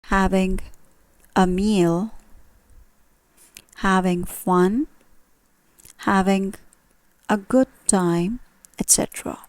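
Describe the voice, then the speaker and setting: A woman's voice: medium pitch, steady tone, very slow, pauses often, a little mellow, no echo. A woman teaching an English grammar lesson, explaining carefully and asking her viewers questions.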